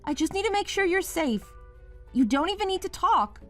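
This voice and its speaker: A woman's voice: very high-pitched, sing-song, normal speed, a bit bright, faint music behind, exaggerated voice. A woman playing a young wife in a dramatized story, pleading and then accusing her partner.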